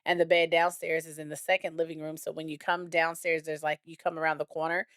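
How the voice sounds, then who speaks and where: A woman's voice: low-pitched, little pitch movement, quick pace, fairly bright tone, smooth, no room sound, studio quality. A woman in her thirties co-hosting a podcast, chatting candidly and telling a family story with quoted voices. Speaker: podcast co-host. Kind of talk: casual chat.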